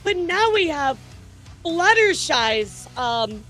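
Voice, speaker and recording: A woman hosts a casual live stream with a high, bright-pitched voice that keeps jumping up in excitement. She laughs often, swears freely and chats straight to her viewers, with faint music playing behind her. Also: slow pace. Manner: giggly, animated, swears casually. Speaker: VTuber news streamer.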